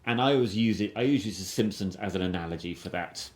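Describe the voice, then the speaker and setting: Low-voiced man rambling in an echoey room. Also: quick pace, darkish tone. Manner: rambling, enthusiastic, with frequent restarts. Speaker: film review podcast host. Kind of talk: casual chat. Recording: roomy echo.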